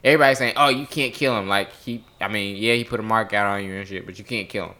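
A man's voice: lowish voice, quick pace. A man co-hosting a podcast in casual chat, swearing a lot and acting out quotes with energy. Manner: profane, animated, acts out quotes. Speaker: podcast co-host.

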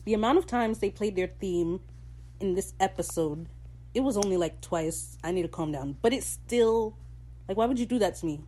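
A young woman hosting a podcast, recapping a TV episode in casual chat, animated and gushing, with sudden excited outbursts and swearing. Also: medium pitch, moderate pace, a little hiss or hum. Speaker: podcast host.

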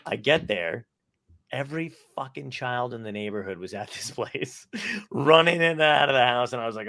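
A man with a gravelly, fry-tinged voice tells stories in a loose, profane way, jumping into the voices of the people he quotes. The sound is dry and close, with no room around it. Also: mid-range voice, fairly quick, no room sound. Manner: profane, animated, acts out quoted dialogue. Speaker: stand-up comedian guest. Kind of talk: casual storytelling chat.

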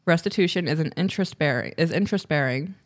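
A woman co-hosting a casual podcast, reading listener letters aloud, animated and stumbling over words now and then. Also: sits low, fast. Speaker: podcast co-host.

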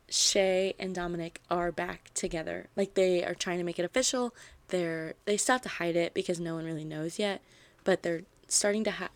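A woman's voice: on the low side, dry recording. Chatty woman recapping a novel. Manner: animated storytelling, frequent "like" fillers. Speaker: book podcast host. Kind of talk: chatty book review, retelling a plot.

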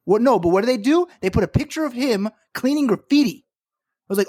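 A husky, breathy woman in a heated podcast rant. She swears freely and her voice pitches up as anger takes over. She apologizes between outbursts. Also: expressive, normal speed, darkish tone. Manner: angry, profane, emotional rant. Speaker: podcast co-host. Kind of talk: heated casual chat.

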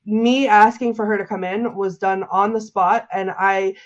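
A woman's voice: mid-range voice, steady tone, unhurried, dull audio. A woman guest describing a frightening paranormal experience in an interview, rambling and full of "like" and restarts. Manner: rambling, heavy use of "like", restarts. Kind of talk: emotional interview storytelling.

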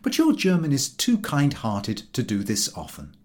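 A male reader narrates a humorous book with dry irony. His pitch moves a great deal, rising and falling across each sentence. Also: wildly swooping pitch, moderate pace, a little mellow. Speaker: audiobook reader.

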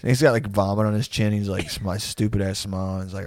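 A man's voice: lowish voice, steady tone, quick pace, hardly any pauses, a little mellow, dry recording, studio quality. A young man chatting casually, telling rambling stories full of swearing, laughing often and putting on voices for the people he quotes. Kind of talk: casual chat.

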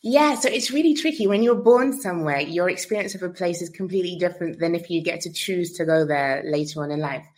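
A thoughtful woman with a London accent, chatting as a podcast guest. Her voice sits low in her range and her talk is relaxed and conversational. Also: fast, few pauses. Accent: London English. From London, England. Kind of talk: casual interview chat.

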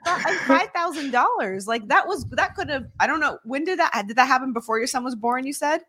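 A woman's voice: high-pitched, animated, a little fast, husky. A woman co-hosting an interview, affirming the guest and asking follow-up questions. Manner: warm, affirming, many mm-hmms. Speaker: co-host. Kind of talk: interview chat.

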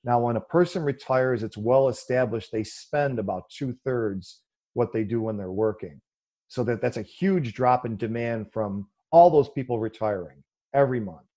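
A man answering an interview question at length, explaining an idea in a conversational way with plenty of fillers and now and then mocking other views with a raised voice. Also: normal speed. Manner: animated, mocking quoted voices with a raised pitch, many fillers. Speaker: guest explaining economics.

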